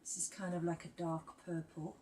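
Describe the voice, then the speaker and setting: A woman's voice: lowish voice, flat delivery, normal speed, dark tone, a little hiss or hum, low-quality recording. A woman designer giving a chatty, jokey, self-mocking demonstration of her own product from her office. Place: home office.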